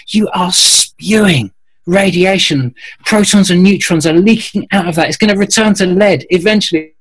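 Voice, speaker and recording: Man, earnest, rambling, restarts often, higher-pitched. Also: low-quality recording. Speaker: guest. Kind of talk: conversational call-in chat.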